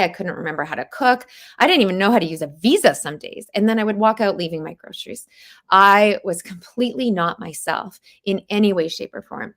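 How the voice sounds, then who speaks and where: A woman in her forties hosting a podcast interview, speaking earnestly and with emphasis. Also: mid-range voice. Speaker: podcast host.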